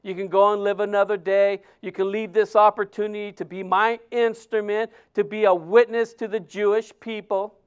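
The Holy Spirit speaks, voiced by a man preaching in a calm, measured way. The voice is smooth and set high. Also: close to an everyday voice. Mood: solemn.

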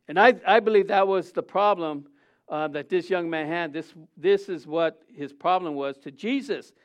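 A middle-aged man preaching from the pulpit in a high voice. His tone is smooth and resonant as he speaks to the congregation like a friend, repeating himself and stopping to rephrase. He often throws questions out to the room. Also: highs cut off. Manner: conversational preaching with rhetorical questions and repetition; frequent restarts and self-corrections. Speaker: senior pastor. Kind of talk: sermon.

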